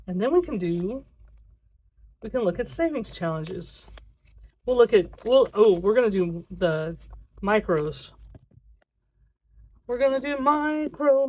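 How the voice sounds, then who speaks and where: In a casual budgeting vlog, a creator with a medium-pitched voice chats to themself while counting cash aloud. Now and then they slip into a drawn-out, sing-song cadence.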